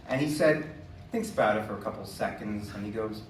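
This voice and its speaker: A man's voice: on the low side, moderate pace, recorded from a distance, a little hiss or hum. A man in his forties tells a personal story live on stage in a loose, chatty way, laughing often and leaning on "like." His voice sits back from the mic in a roomy hall, with a faint murmur of ambience behind him. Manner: chatty, laughing, full of "like" fillers. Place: live stage before an audience.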